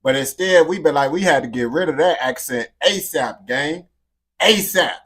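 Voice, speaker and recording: A man hosts a reaction video in a casual, slangy way. He talks emphatically, with a slightly raised pitch. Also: moderate pace, fairly bright tone.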